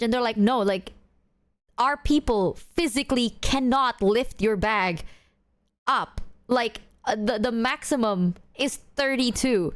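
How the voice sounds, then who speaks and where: A woman streamer reacts to clips in casual stream chat, telling an animated anecdote and swearing freely. Her voice is a little high and smooth, at normal speed.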